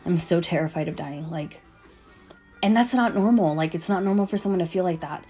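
Young female vlogger, low-pitched with vocal fry; loose, profane, filler-heavy storytelling. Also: brisk, mellow, faint music behind. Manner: rambling, profane, lots of "like" and "um". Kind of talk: casual storytime monologue.

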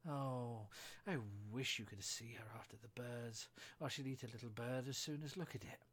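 A man reading aloud and voicing a curious, polite young girl who speaks earnestly and often softly. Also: medium pitch, moderate pace, slightly rough.

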